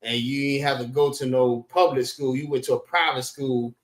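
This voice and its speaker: Over an online call, a man teaches a class in a loose, conversational lecture, using "all right" over and over to check in with his students. His voice is medium-pitched with fairly even intonation at a normal speed, and the audio is poor and reverberant.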